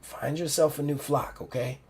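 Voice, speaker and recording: A man voicing a dying older woman mentor who speaks in a soft, gentle, hushed way. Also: fairly high pitch, steady tone, moderate pace, slightly rough. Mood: tender. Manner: soft, hushed, tender delivery.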